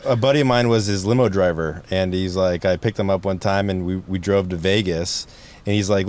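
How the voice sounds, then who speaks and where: Man, podcast host, low-pitched, relaxed chat, anecdotes. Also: fairly quick. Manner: relaxed, brief reactions and anecdotes.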